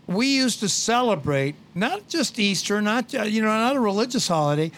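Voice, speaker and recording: Rambling high-voiced male radio host. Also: very animated, moderate pace, a bit bright. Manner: rambling storyteller, blunt asides. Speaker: radio garden show host. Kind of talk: casual radio chat.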